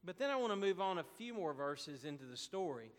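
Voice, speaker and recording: Man, pastor preaching, slow deliberate delivery, high voice, echoing hall. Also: very animated. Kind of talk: sermon.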